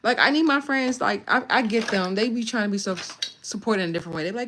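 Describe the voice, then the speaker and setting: A woman from California hosting a livestream, chatting casually and directly with her viewers, animated and laughing often. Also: fairly high pitch, fast talker, a little hiss or hum. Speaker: livestream host. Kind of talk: casual live chat with viewers.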